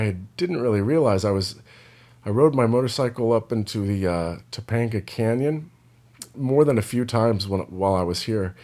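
A man's voice: lowish voice, a little mellow. A man who is an indie rock singer, talking in a casual, rambling vlog style with lots of "like" and loose asides. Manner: loose and meandering, heavy use of "like".

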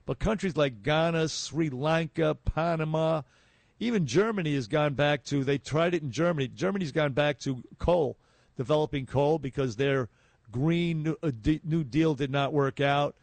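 A man's voice: on the high side, normal speed, creaky, darkish tone, no echo. A man hosting a talk radio show, giving emphatic commentary full of restarts and fillers. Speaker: radio host.

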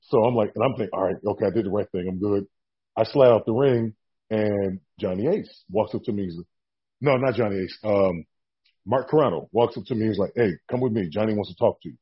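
Male guest, low husky voice, animated storyteller, lo-fi recording. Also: brisk. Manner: animated storyteller acting out quotes. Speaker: guest, former wrestler. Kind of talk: casual storytelling interview.

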